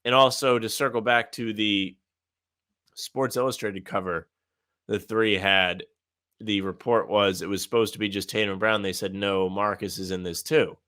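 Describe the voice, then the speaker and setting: A man co-hosting a casual sports podcast, talking in an animated, ranting way with some sarcasm. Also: lowish voice, normal speed. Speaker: podcast co-host.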